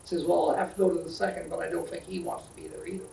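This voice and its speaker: An older man and retiring county supervisor giving rambling, halting farewell remarks with many fillers at a board meeting. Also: a little high, flat delivery, dark tone, slight background noise. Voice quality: gravelly. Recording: roomy, distant meeting-hall mic.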